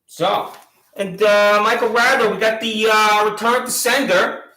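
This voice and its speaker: A man's voice: high voice, fairly even intonation, unhurried, pushed and bright, echoey room, rough recording. A man delivering an angry, sarcastic monologue of accusations, combative and mocking in tone. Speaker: video channel host.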